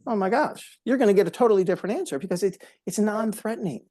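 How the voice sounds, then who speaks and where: A man's voice: high-pitched, fast, warm tone, no echo, clean studio sound. A man as a motivational speaker, telling stories in an interview in an earnest, emphatic way, often repeating words for effect. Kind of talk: storytelling in an interview.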